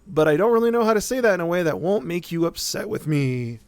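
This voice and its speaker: Smooth, dry-voiced man ranting while gaming. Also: sits high, sing-song, fast talker, no room sound. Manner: rambling, profane, keeps asking "right?". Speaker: streamer. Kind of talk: casual live-stream rant while gaming.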